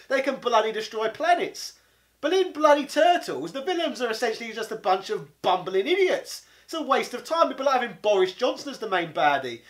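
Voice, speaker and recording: A man rants comically, sounding indignant and exasperated. His voice sits high and leaps up and down. The tone is of a comic reviewer talking straight to camera. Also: a bit bright. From London, England. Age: 30s. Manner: exasperated, indignant, peppered with 'bloody'. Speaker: video game reviewer. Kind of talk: comedic ranting monologue.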